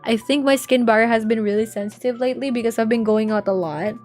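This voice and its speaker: A woman's voice: on the high side, fast talker, darkish tone, soft background music. A young woman streaming live, chatting casually and rambling with viewers, full of filler words and slang. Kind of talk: casual livestream chat with viewers.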